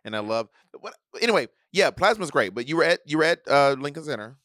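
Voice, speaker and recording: Animated, playful man co-hosting a chat. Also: on the high side, quick pace, dry recording, studio quality. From Atlanta area, US. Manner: playful, animated, mimics accents. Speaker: podcast co-host. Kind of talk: casual chat.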